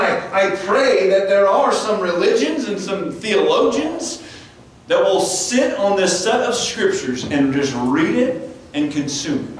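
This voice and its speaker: A man preaching a sermon as pastor, earnest, often restarting and stumbling over his words. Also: on the high side. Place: church sanctuary. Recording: echoey church room, distant mic, faint noise.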